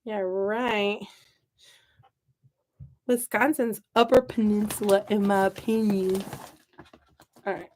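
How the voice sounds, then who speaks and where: A woman's voice: medium pitch, fairly even intonation, a little slow, darkish tone, slight background noise. A young woman from the American Midwest with a Midwestern accent, chatting and rambling as she repots seedlings for her gardening vlog. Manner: chatty, rambling, self-mocking. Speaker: gardening vlogger. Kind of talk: casual chat while working.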